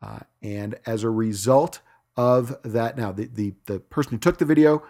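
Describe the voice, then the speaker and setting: A middle-aged man hosting a cycling podcast from his home studio, reading news items in a relaxed way with frequent filler words. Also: mid-range voice, moderate pace. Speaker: podcast host. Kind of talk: solo podcast news segment.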